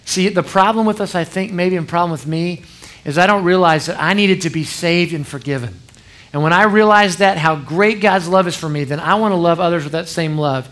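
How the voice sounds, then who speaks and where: A man's voice: high voice, a little fast, fairly bright tone. A middle-aged man preaching a sermon as pastor, telling stories in a conversational way with frequent asides to the congregation.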